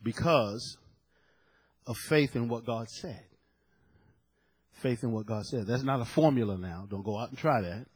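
A man's voice: mid-range voice, unhurried, long pauses, breathy edge. A male preacher delivering a sermon, emphatic and dramatic, repeating key phrases for effect. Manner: dramatic storytelling with sudden loud peaks.

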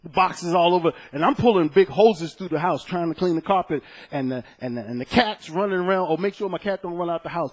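A man preaching a conversational sermon, moving between scripture readings and personal stories in a lively way. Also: high-pitched, brisk. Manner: conversational, animated storytelling with scripture quotes.

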